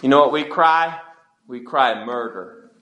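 A man's voice: medium pitch, animated, unhurried, pushed and bright. A man preaching a sermon emphatically, calling out to the congregation for responses. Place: church. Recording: echoey church room.

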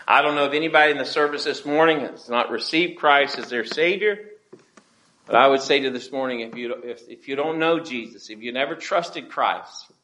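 A man's voice: mid-range voice, pushed and bright. A man preaching a sermon emphatically, calling out to the congregation for responses. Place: church. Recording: echoey church room.

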